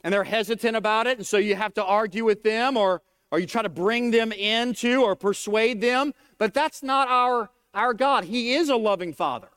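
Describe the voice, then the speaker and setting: A man's voice: high-pitched, normal speed, hardly any pauses, fairly bright tone, clear, resonant tone. A man preaching a sermon, reading scripture aloud and rising and falling in emphasis. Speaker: pastor.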